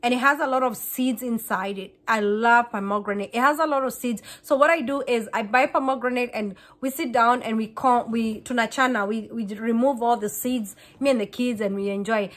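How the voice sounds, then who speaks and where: Fast-talking woman vlogger. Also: on the high side, steady tone, fairly bright tone. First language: Kikuyu. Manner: fast, chatty, repeats and restarts words. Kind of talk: casual chat to camera.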